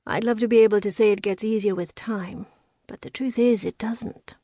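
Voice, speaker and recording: A woman reading the part of a young male investigator who speaks calmly and reassuringly. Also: mid-range voice, normal speed, dry recording, studio quality, lightly acted. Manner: calm, reassuring.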